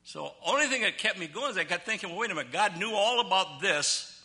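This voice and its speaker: An older man delivers a sermon in a fairly high, piercing voice. He draws out scripture verses slowly and swings from loud declarations down to quiet, low asides. His tone stays forceful and bright throughout. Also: expressive. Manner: emphatic preaching, slow drawn-out scripture reading, big swings between loud and soft. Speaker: pastor.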